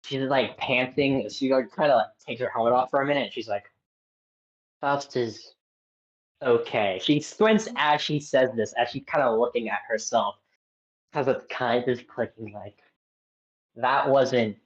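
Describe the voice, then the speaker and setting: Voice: medium pitch, moderate pace. A player narrating their character's actions in a tabletop game, rambling with many likes and restarts. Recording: slightly muffled audio.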